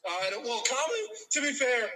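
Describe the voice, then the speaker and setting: A man's voice: very high voice, big pitch swings, brisk, a loud crowd, rough recording. A young man in casual chat about sports, talking with frequent hesitations and restarts over a call. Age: young adult.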